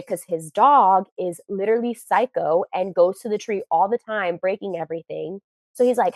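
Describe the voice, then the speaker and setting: A woman's voice: medium pitch, fairly quick, no room sound. A young woman calling in to a podcast, animatedly retelling a story with many fillers and acted-out quotes. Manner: animated retelling, acts out others' lines, many "like"s. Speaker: caller. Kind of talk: casual storytelling on a call-in show.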